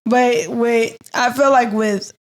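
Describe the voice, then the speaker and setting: Chatty woman, slightly high voice. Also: fairly even intonation, slow. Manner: storytelling, filler-heavy "like". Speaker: podcast co-host. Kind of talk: casual chat.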